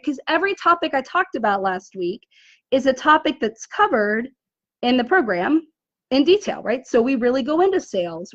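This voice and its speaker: A woman's voice: sits high, no room sound. A woman in her forties, a business coach, talking casually to an audience and often checking in with "right?". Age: 40s. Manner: chatty, animated, says "right?" often. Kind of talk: casual live video talk. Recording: dull, muffled dry audio.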